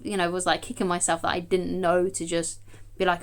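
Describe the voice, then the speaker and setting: A dating coach gives chatty, emphatic advice straight to camera in a mid-range voice at a fairly quick pace. She often checks in with "okay?"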